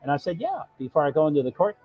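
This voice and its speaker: Rambling man with a husky voice. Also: fairly high pitch, wildly swooping pitch, very fast, narrow, tinny audio. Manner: rambling, self-interrupting, quotes others. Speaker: live streamer. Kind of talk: casual storytelling.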